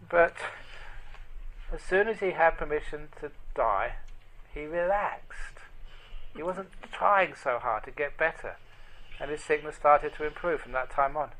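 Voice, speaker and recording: A man giving a storytelling dharma talk as a monk, speaking gently and dropping to a near whisper at tender moments. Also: a little high, measured pace, poor audio. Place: meditation group hall.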